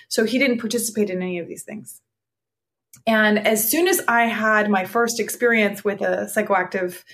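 A woman psychotherapist telling personal stories in conversation, earnest and reflective, often restarting her sentences. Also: medium pitch. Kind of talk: conversational storytelling.

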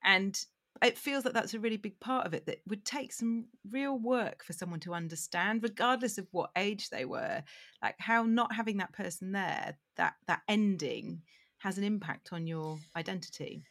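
Brief: woman podcast host, mid-pitch, encouraging, casual, soft affirming murmurs. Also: normal speed. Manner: warm, encouraging listener with soft backchannels. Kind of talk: casual interview chat.

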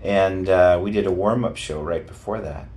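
An older man who sings in a rock band, telling a story to an interviewer in a relaxed chat and slipping into other people's voices. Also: deep voice, normal speed. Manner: animated, breaks into voices of people in his stories. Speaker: lead singer, interview guest. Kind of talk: casual storytelling.

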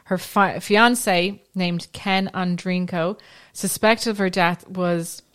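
A woman's voice: fairly low pitch, steady tone, takes it slowly, a bit bright, clean tone. A woman podcast host telling a true crime story in a chatty way, with frequent ums and restarts. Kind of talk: casual storytelling chat.

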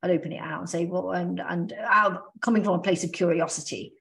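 Woman on a podcast, lowish gravelly voice, thinks out loud as she goes. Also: fairly even intonation, fairly quick. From Australia. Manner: thoughtful, talks through ideas with restarts. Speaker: podcast co-host. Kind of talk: casual podcast chat.

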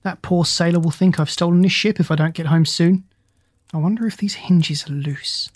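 A reader voicing a calm, careful doctor. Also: mid-range voice, normal speed, dry recording, natural voice.

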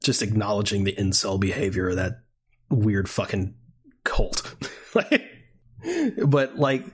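A husky-voiced man in casual podcast conversation. He laughs a lot and slips into sarcastic jokes. His speech is loose and animated. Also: lowish voice, takes it slowly. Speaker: podcast co-host. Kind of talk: casual chat.

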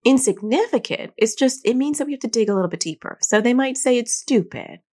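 Middle-aged therapist lady chatting to parents, very lively up-and-down voice, animated and casual. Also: on the high side, fast. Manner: animated, conversational, laughs at herself. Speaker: podcast host and child anxiety therapist. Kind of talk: casual advice talk to parents.

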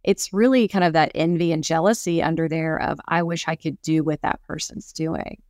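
Low-voiced reflective woman co-host. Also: fairly even intonation, moderate pace, darkish tone, dry recording, clean studio sound. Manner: reflective, tells examples, acts out quotes. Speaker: podcast co-host. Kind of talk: casual podcast chat.

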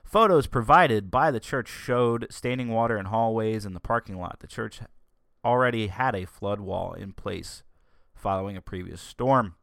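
A man's voice: fairly low pitch, moderate pace, vocal fry, fairly bright tone, dry recording, studio quality. A man giving opinionated commentary in a sarcastic, ranting way, reading out news along the way. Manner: reads news article aloud. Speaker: political commentator.

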